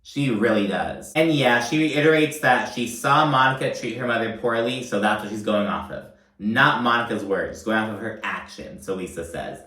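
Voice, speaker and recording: A man's voice: lowish voice, moderate pace, pushed and bright, echoey room, distant mic. A man giving a casual recap commentary, swearing often in a sassy, exasperated rant. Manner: profane, sassy, exasperated ranting.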